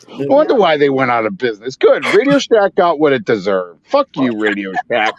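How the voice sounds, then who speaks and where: A man in casual podcast chat, swearing freely and getting loud when worked up, on a dull, dry recording. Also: mid-range voice, very animated, fairly quick.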